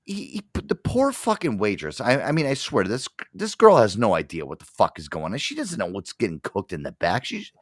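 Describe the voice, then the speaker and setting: A man's voice: fairly low pitch, wildly swooping pitch, a little fast, few pauses, no echo, clean studio sound. A man hosting a radio show, telling a long story in a profane, rambling way with frequent restarts. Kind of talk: casual on-air rant.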